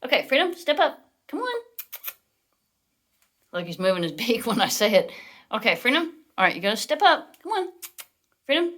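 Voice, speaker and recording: A woman filming a casual home vlog in her bathroom, coaxing her parrot in high sing-song baby talk between chatty asides. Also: big pitch swings, fairly quick, fairly bright tone. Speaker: vlogger, parrot owner. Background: faint running tap water.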